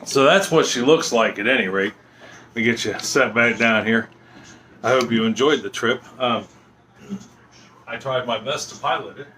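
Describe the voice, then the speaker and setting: A man's voice: mid-range voice, moderate pace, long pauses, pushed and bright, a little hiss or hum. A man chatting casually in his home kitchen as he tastes the dish he cooked, rambling with lots of ums and uhs. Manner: rambling, filler-heavy, folksy. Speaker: home cooking vlogger. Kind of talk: casual cooking vlog chat.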